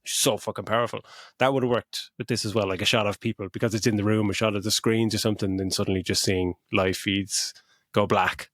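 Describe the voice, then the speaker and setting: A man's voice: fairly low pitch, steady tone, brisk, fairly bright tone, no room sound, studio quality. A middle-aged man co-hosting a podcast, laid-back and swearing freely while retelling film scenes. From Ireland. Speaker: podcast co-host. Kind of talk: casual film review chat.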